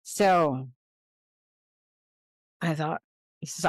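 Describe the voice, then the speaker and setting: A woman's voice: deep voice, steady tone, a little slow, long pauses, dry recording. An older woman, a podcast guest, telling a personal story and acting out the dialogue she quotes.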